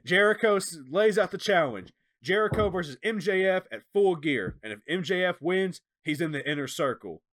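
A man co-hosting a casual chat recaps the action with lots of energy. His voice is bright and fairly high, and it swings widely in pitch as he acts out quotes. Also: expressive, normal speed, hardly any pauses. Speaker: podcast co-host.

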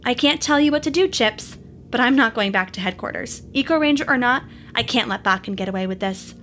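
A woman's voice: a little high, lively intonation, a little fast, fairly bright tone, soft background music. A woman voicing a worn, stubborn woman space ranger who speaks in a determined, earnest way.

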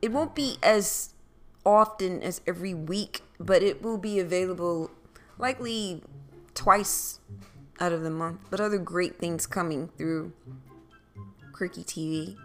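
A woman's voice: on the low side, a little slow, soft background music. A woman from Philadelphia hosting her own podcast, rambling casually, playfully repeating phrases, her voice a little scratchy at times. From Philadelphia, USA. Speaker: podcast host. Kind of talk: casual solo podcast monologue.

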